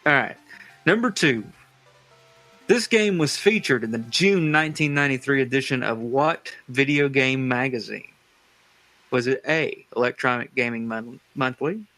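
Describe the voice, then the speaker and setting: A man hosting a casual trivia quiz, reading out the options slowly and chatting with friends. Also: mid-range voice, pushed and bright, dry recording, faint music behind, poor audio. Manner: reads quiz options in a slow, drawn-out way. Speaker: podcast host running a trivia quiz. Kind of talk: casual chat.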